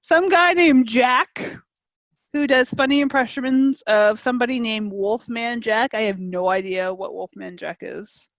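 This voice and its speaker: A Canadian woman chats away on a podcast, fillers and giggles spilling through her stories. Her voice sits a touch high and the room around her is dry and close. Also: measured pace, no room sound. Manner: chatty, laughs often, many fillers. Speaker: podcast co-host. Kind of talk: casual chat.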